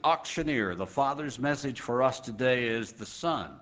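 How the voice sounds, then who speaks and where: Man preaching with dramatic pauses. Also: medium pitch, animated, a bit bright. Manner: dramatic pauses, slow emphasis. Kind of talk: sermon storytelling.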